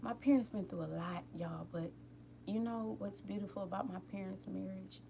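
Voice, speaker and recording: Chatty woman with a gravelly voice. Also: mid-range voice, steady tone, moderate pace, warm tone, slight background noise. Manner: chatty, rambling, talks straight to viewers; openly emotional, tearful at times. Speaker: live-stream host. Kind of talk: casual inspirational chat. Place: at home, late at night.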